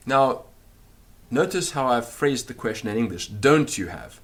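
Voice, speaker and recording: Male teacher: slow, patient delivery with a lively, sing-song pitch; repeats words for practice. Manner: repeats words slowly for drilling pronunciation. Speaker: language teacher. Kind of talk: recorded grammar lesson.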